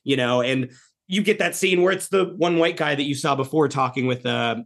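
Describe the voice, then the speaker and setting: A man at an ordinary pitch chatting casually as a podcast co-host. He gets animated, swears freely and laughs often. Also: a little fast, creaky. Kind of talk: casual film podcast chat.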